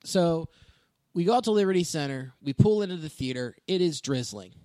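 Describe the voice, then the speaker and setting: High-voiced man telling animated stories. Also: a little fast, no echo. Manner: animated storytelling with swearing. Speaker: stand-up comedian. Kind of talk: casual podcast chat.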